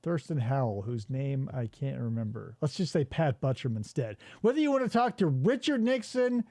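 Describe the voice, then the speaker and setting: A man's voice: mid-range voice, sing-song, normal speed, dark tone, dry recording, studio quality. A man hosting a podcast, riffing in casual chat and swearing freely. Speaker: podcast host.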